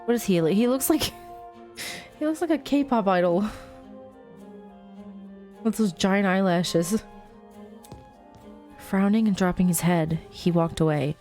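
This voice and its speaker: A woman's voice: mid-range voice, slow, pauses often, mellow, faint music behind. A young woman playing a story game, reading its text aloud with chatty, giggly asides. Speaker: let's play host.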